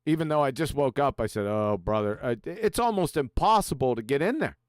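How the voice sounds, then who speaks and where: Blunt, lively-voiced male host. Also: on the high side, brisk, dry recording, clean studio sound. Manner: blunt, profane, mocking. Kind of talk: casual live-stream panel chat.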